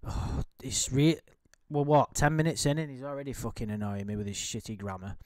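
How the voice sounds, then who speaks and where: A man's voice: medium pitch, steady tone, a little fast, a little mellow, dry recording, clean studio sound. A man giving casual, rambling commentary while reading out a chat log, full of swearing, restarts and laughter.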